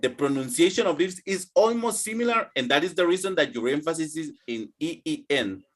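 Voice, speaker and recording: A man's voice: a little high, lively intonation, a little fast, a bit bright. A man teaching English numbers, patiently drilling students and checking in with them often. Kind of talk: online English pronunciation lesson.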